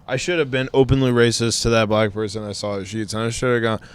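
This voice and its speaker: A man's voice: medium pitch, level tone, quick pace, smooth. A young man co-hosting a podcast, rambling in crude casual banter full of fillers and laughs. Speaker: podcast co-host.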